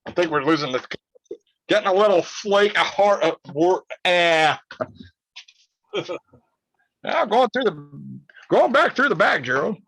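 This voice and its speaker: A man chatting casually on a video call, rambling and laughing, cursing and breaking into loud outbursts. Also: high voice, animated, a little slow, long pauses, no room sound, poor audio. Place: house and backyard. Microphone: phone or laptop on a video call.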